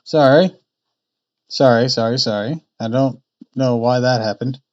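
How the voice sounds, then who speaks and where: A man streaming live, chatting casually and thinking out loud between frequent laughs. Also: mid-range voice, measured pace. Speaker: streamer reading a novel aloud. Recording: dull lo-fi stream mic.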